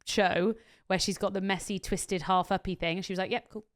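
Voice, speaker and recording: A woman's voice: mid-range voice, little pitch movement, a little fast. A woman co-hosting a podcast in casual, playful chat. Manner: chatty, playful, swears and jokes. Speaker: podcast co-host.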